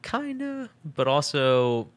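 A young adult man co-hosting a podcast, talking in a relaxed, rambling way and saying "like" a lot. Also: on the high side, takes it slowly, dry recording. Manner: relaxed, rambling, heavy use of "like". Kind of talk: casual podcast chat.

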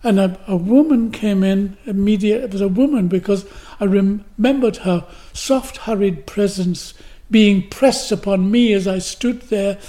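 A man's voice: high voice, unhurried, warm tone. An older man from Glasgow, a guest actor telling stories and acting out the lines he quotes. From Glasgow, Scotland. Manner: vivid storyteller who acts out the quotes. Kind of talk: anecdotal storytelling.

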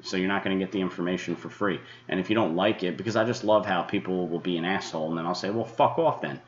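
Low-voiced male podcast host, profane and heated monologue, muffled lo-fi audio. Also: fairly even intonation, rapid-fire. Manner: angry, swearing, mocking imitations of critics. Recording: dull lo-fi sound.

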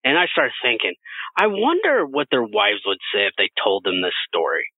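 A man's voice: lowish voice, wildly swooping pitch, normal speed, no room sound. A man co-hosting a podcast, telling a story in casual, profane chat with frequent laughter. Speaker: podcast co-host. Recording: dry, phone-like narrow sound.

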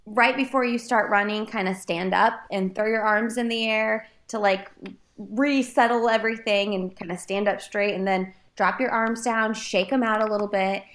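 A woman with a mid-pitched voice shares running tips at an easy pace. She leans on "like" and "kinda" as she talks. It sounds like a loose conversation between co-hosts. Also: normal speed. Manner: relaxed, filler-heavy with frequent "like". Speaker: running podcast co-host. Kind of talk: casual advice chat.

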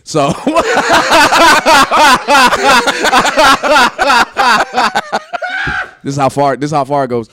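A man casually telling a story from his college days, animated, swearing and acting out what others said. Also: mid-range voice, racing, few pauses, noisy background. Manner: animated, laughing, swearing, acts out quotes.

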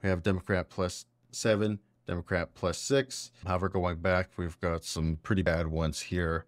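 A man's voice: low voice, dry recording, studio quality. A man hosting a podcast, giving casual, blunt and opinionated political commentary. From Canada. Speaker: podcast host.

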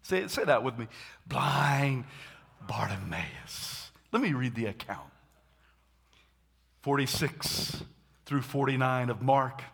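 A man preaching a sermon, animated, acting out scenes and shouting dramatically. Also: mid-range voice, unhurried, long pauses, husky.

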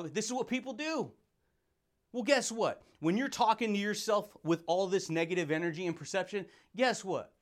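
A man's voice: sits high, normal speed. A man hosting a motivational podcast, hyped and slangy, laughing often and calling listeners baby and dude. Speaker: podcast host.

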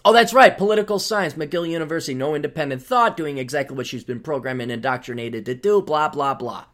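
A man's voice: fast talker, a bit bright. A male podcast host reading an article aloud and tearing into it with sarcastic commentary. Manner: sarcastic, mocking, voice jumps high when indignant.

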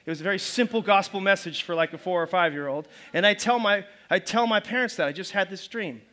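A man's voice: sits high, fast, pushed and bright. A man pastor preaching a sermon in a loose, conversational way, often restarting his phrases. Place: church service.

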